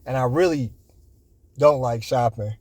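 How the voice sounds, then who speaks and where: A man's voice: medium pitch, a little slow, darkish tone, dry recording. Rambling man in his forties. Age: 40s. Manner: rambling, full of "you know" fillers. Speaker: vlogger. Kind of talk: casual storytelling.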